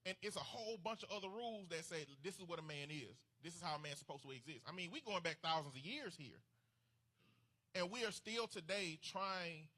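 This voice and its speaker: A man's voice: on the high side, pushed and bright. A man speaking earnestly and emphatically about men's emotions, sometimes repeating words as he talks. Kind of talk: casual opinion talk.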